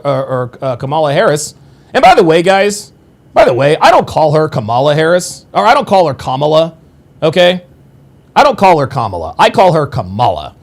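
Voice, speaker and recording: A man in his forties hosting a casual livestream, rambling and repeating himself with crude, profane asides to his viewers. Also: on the high side. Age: 40s. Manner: addresses viewers directly. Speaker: livestream host.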